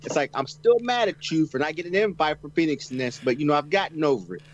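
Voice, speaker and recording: A man's voice: on the high side, expressive, quick pace, lo-fi sound. A man chatting as a guest on a podcast, easygoing and teasing in a good-natured way. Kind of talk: casual chat.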